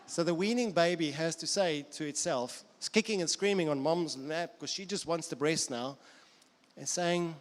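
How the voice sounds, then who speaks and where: A South African man preaching an earnest sermon, his voice sitting a little high for a man. He drives points home by repeating them. A long reverb from the church hall trails behind each phrase. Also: huge pitch swings, measured pace, fairly bright tone. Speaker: pastor. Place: church auditorium.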